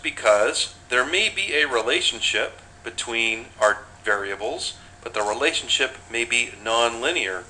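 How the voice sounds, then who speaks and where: A man giving a measured, step-by-step recorded lesson, pointing through charts as he explains. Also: medium pitch, sharp tone, slight background noise, poor audio. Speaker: instructor. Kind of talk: screen-recorded lecture.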